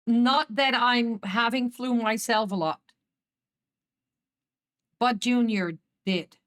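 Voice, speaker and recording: A woman's voice: fairly high pitch, takes it slowly, fairly bright tone. A woman with a Dutch accent chatting casually with viewers on a live stream, laughing often and repeating herself as she talks.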